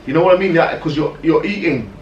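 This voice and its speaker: A man co-hosting a podcast, telling stories in casual, animated chat full of "right?" asides. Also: fairly high pitch, quick pace, distant mic, lo-fi sound. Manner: animated storyteller, lots of "right?" and "yeah?" asides. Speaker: podcast co-host. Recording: roomy echo, off-mic, faint noise.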